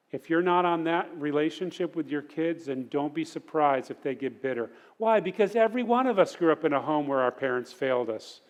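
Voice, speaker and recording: A man's voice: a little high, expressive, brisk, hardly any pauses. A middle-aged man teaching a parenting sermon at church in an earnest, conversational way.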